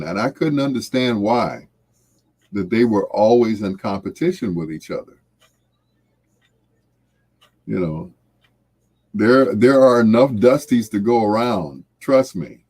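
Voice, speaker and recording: A man hosting a late-night radio show, talking in a slow, reflective, heartfelt way and trailing off softly. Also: on the low side, lively intonation, husky. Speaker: radio host.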